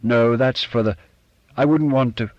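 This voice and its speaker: A man's voice: mid-range voice, measured pace, darkish tone, dry recording, dull audio, pitched above the performer's own voice, close to an everyday voice. A man voicing a flustered, awkward older man. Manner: hesitant, flustered.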